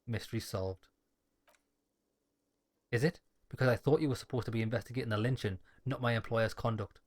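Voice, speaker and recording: A man's voice: mid-range voice, steady tone, fairly quick. A man playing a dialogue-heavy game, reading the lines aloud and adding wry jokes. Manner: wry, joking asides between read lines. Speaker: gaming YouTuber.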